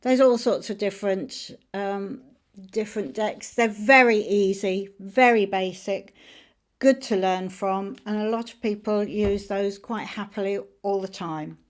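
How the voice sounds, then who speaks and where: Brief: woman tarot teacher, casual and warm in manner, talking through cards. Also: mid-range voice, measured pace. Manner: friendly, chatty, explaining cards as she shows them. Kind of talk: informal teaching on camera.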